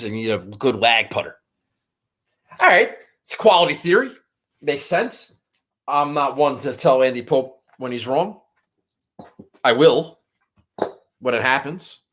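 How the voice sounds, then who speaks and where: A man's voice: mid-range voice, a bit bright. A man hosting a golf betting show, talking in a rambling, profane, frustrated way. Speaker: golf betting podcast host. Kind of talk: casual chat.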